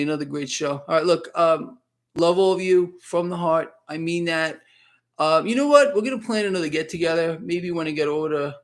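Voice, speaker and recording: A man's voice: fairly high pitch, vocal fry, a bit bright. A man hosting a casual live stream, chatting in a rambling way and reading viewer comments aloud.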